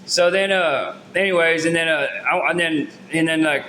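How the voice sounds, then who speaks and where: A man with a high, bright voice tells a story from his own life in a rambling, slangy way, full of fillers and false starts. The room around him is noticeably echoey. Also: normal speed, slight background noise. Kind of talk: casual storytelling to camera. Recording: roomy echo.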